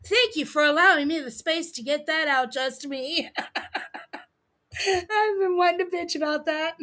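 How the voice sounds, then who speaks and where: A woman's voice: high-pitched, measured pace, bright, forceful tone. A woman casually gossiping about online stream drama, with laughing asides.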